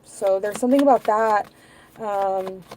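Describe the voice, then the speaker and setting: A woman talks through a tarot reading at a middling pitch, musing aloud and wandering between thoughts with plenty of fillers. The recording carries clear background noise, with cards shuffling and clicking behind her. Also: unhurried, a little mellow, poor audio. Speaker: tarot reader.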